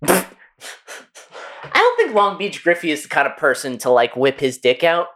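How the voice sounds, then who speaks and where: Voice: mid-range voice, wildly swooping pitch, moderate pace, fairly bright tone. A podcast co-host chatting casually, rambling and swearing, with a lot of "like" in every sentence. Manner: rambling, swears often, many "like"s.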